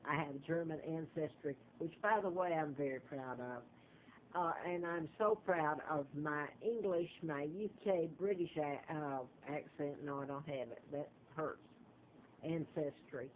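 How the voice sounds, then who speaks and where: A woman from Alabama, telling a rambling personal monologue full of fillers and restarts. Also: deep voice. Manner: digressive, halting, many fillers and restarts. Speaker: vlogger. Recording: tinny lo-fi phone-like audio with faint noise.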